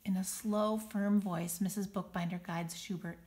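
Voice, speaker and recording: Expressive woman reading a children's book. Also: mid-range voice, normal speed. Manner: expressive, with dramatic sound words. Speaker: storybook reader.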